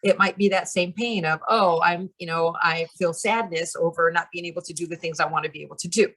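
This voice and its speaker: A woman's voice: fairly low pitch, fairly even intonation, a little fast, fairly bright tone. A woman in a channeling practice group, talking casually and explaining things step by step, with lots of fillers and frequent laughs. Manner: chatty, lots of "like" and "you know", laughs often.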